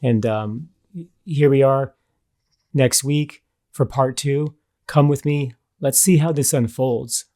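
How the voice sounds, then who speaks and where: A man's voice: medium pitch, fairly even intonation, takes it slowly, warm tone, soft background music. Awed male host wrapping up an episode. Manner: awed, eager. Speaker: podcast host. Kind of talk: episode outro.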